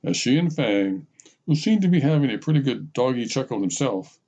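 A man's voice: mid-range voice, lively intonation, normal speed, dark tone. Wry, self-mocking male storyteller. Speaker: podcast host and storyteller. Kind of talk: scripted first-person storytelling. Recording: slightly dull lo-fi recording.

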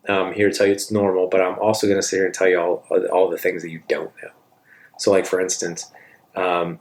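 A middle-aged man with a low, deep voice talks through parenting advice in an easygoing, chatty way. He often drops in "like" and "man" as he acts out his side of conversations with his kid. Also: gravelly. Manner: relaxed and conversational, with frequent "like" and "man". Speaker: father giving parenting advice. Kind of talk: casual advice talk with reenacted dialogue.

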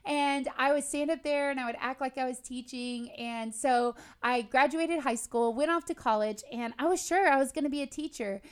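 Faith podcast host, woman in her thirties, slightly high voice, earnest and conversational. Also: normal speed, hardly any pauses, clear, resonant tone. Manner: earnest, conversational, personal storytelling. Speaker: podcast host and Bible teacher.

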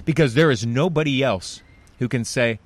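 A male host holding an interview, sharing personal stories in an earnest, animated way. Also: medium pitch, moderate pace, slightly rough. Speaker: podcast host.

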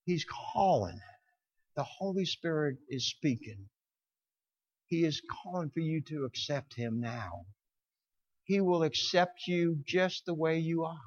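A man preaching a sermon with passion, swelling to loud emphatic peaks and dropping low, sometimes stumbling over words. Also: highs cut off.

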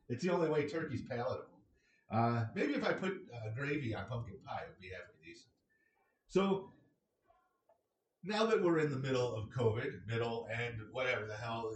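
A man's voice: medium pitch, slight background noise. A man hosting a casual monologue from his home, rambling and sarcastic with frequent chuckles. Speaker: podcast host. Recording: echoey room, distant from the mic.

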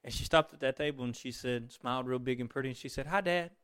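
A middle-aged man preaching a sermon, moving between fervent exclamations and quiet, tender storytelling. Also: medium pitch, flat delivery, fast talker, clear, resonant tone.

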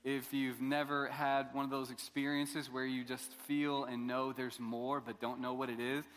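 A man's voice: mid-range voice, little pitch movement, normal speed, a bit bright, slight background noise. A middle-aged man preaching a sermon as a pastor, telling his own story in a casual, joking way and acting out the voices of the people in it. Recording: long hall reverb.

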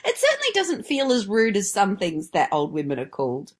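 A woman's voice: medium pitch, huge pitch swings, brisk. A woman co-hosting a casual podcast chat, laughing often and reading out sayings with playful emphasis. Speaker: podcast co-host.

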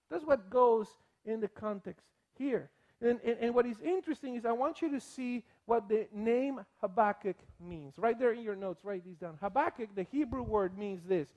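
High-voiced pastor preaching with animated delivery. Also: male voice, normal speed, few pauses. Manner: animated, acts out voices of people he quotes. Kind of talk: sermon.

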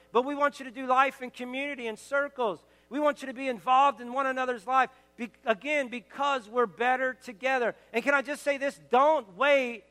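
A man preaching from the pulpit in an unusually high, bright voice. He exhorts his congregation earnestly and builds to emphatic declarations. The sound carries a long reverb from the sanctuary. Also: smooth. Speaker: pastor. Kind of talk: sermon. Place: church sanctuary.

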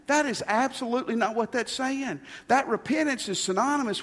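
A man's voice: very high voice, a little fast, hardly any pauses, fairly bright tone. A man preaching a sermon as pastor, stressing his points by repeating key phrases. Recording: long reverb of a large hall.

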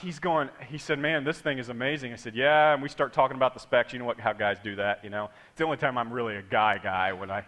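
A middle-aged man preaching a sermon, telling stories in an animated way and acting out quotes. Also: mid-range voice, fast, few pauses.

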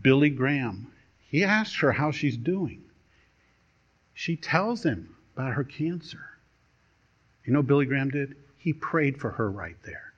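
A man pastor preaching a sermon, telling a story with dramatic pauses and a storytelling delivery. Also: mid-range voice, expressive, slightly rough. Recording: dull lo-fi sermon recording.

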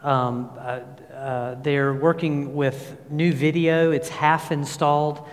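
A pastor in his fifties preaching in a church through a sound system, an animated storyteller with many fillers and restarts. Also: on the high side, slow. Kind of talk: sermon with personal anecdotes. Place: church sanctuary. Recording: long reverb of a large hall.

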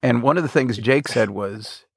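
A middle-aged man with a gravelly voice, speaking reflectively and honestly about his failings as a father. He is recorded close with a dry sound. His pitch is medium. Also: moderate pace, no room sound. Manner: reflective, confessional. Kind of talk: casual faith-based parenting discussion.

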